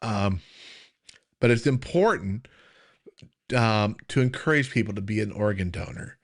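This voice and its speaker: A man's voice: lowish voice, measured pace. A middle-aged man from the United States hosts a casual live stream, speaking earnestly and plainly. He talks in a loose, everyday way, often restarting his sentences, and sounds like he is holding back emotion. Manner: earnest, conversational, with frequent fillers and restarts. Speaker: kidney health coach hosting a live Q&A.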